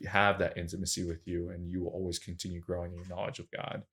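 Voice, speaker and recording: Fast-talking deep-voiced young man. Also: flat delivery, a bit bright. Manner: earnest, candid storytelling with slangy fillers. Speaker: podcast guest, track and field coach. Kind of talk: casual podcast conversation.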